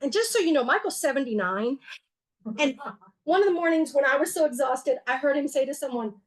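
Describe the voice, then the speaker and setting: A woman's voice: sits high, expressive, brisk. A woman giving a slideshow talk to an audience, conversational and earnest, with wry humor and frequent fillers and self-corrections. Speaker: museum executive director giving a talk.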